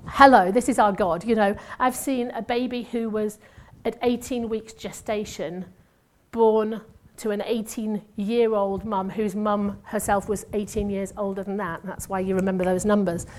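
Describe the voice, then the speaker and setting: A woman's voice: medium pitch, steady tone, normal speed. A woman, a former nurse sharing a testimony sermon in a chatty, self-mocking way with asides. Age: 50s. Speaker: church speaker and former nurse.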